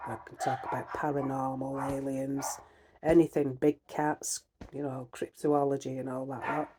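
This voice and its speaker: A woman's voice: very deep voice, warm tone, slightly rough. A middle-aged woman with a Northern English accent, chatting bluntly to camera in a rambling way, full of fillers. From Northern England. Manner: heated, ranting. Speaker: vlogger. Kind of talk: casual chat to camera.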